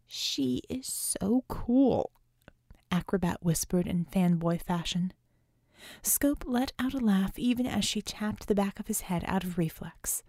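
A woman reading an adventure audiobook as narrator, in even, clear storytelling. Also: mid-range voice, moderate pace, dry recording, studio quality. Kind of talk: scripted narration.

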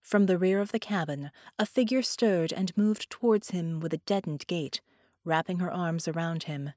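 A woman reading a science-fiction story aloud as narrator, in a steady storytelling manner. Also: lowish voice, moderate pace, no room sound, clean studio sound. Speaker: audiobook narrator. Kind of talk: scripted narration.

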